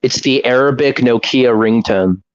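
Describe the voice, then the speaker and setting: A young man co-hosting a casual podcast, joking around with deadpan, rambling humor. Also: mid-range voice, moderate pace, clean tone, no echo, highs cut off. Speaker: podcast co-host. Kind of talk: casual chat.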